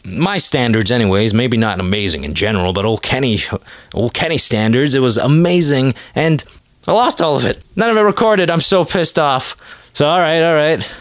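A man hosts his own podcast solo in a dry, close recording with no room sound. He rambles casually and mocks himself, swearing freely. His pitch sits right in the ordinary male middle. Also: lively intonation, normal speed, no room sound. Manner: rambling, self-deprecating, profane. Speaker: podcast host.

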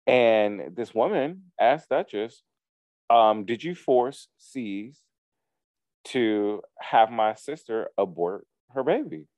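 A man casually recapping a reality show to a co-host, telling the story with lively quoted asides. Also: mid-range voice, takes it slowly, no room sound. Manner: animated storytelling with profanity, acts out quotes.

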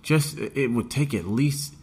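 A man's voice: medium pitch, slow pace, husky. A man in a casual podcast chat, ranting emphatically and swearing freely. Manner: animated, profane, emphatic ranting.

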